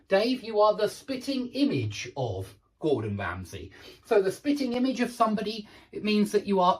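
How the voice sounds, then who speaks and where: A man's voice: on the high side, darkish tone. A man teaching English vocabulary in an online lesson, explaining phrases patiently with frequent restarts and "um"s. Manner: explains slowly with many restarts and "um"s; checks in with "okay?" and "yeah".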